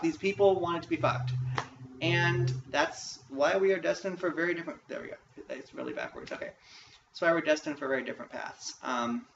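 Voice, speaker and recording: A man rants in a profane, emphatic vlog monologue, his voice sitting a little high. He sounds set back from the mic in an echoey room. The recording is dull and lo-fi, with a faint hiss behind him. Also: fairly bright tone, far from the mic. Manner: frustrated, profane, emphatic ranting. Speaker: vlogger.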